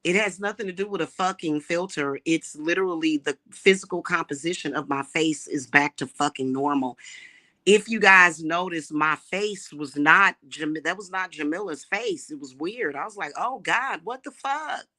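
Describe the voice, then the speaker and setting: A woman's voice: sits low, moderate pace, pushed and bright. A woman ranting heatedly on a livestream, cursing often, repeating words when worked up and calling her viewers y'all. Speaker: livestream host.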